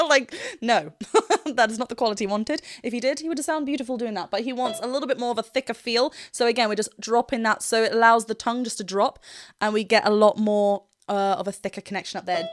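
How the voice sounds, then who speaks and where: A woman's voice: on the high side, fast talker, slight background noise. A woman vocal coach giving an enthusiastic analysis in a reaction video, often laughing and breaking into short sung demonstrations. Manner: laughs often while explaining.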